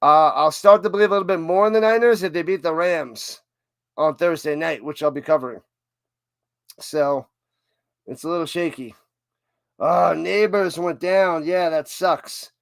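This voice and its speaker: A man with a fairly high voice rambles through casual football chat on a live stream, often stopping and restarting his sentences. The sound is dry and close, with no room around it. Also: moderate pace, gravelly, pauses often, smooth, no echo. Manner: rambling, self-interrupting, chatty. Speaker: livestream host.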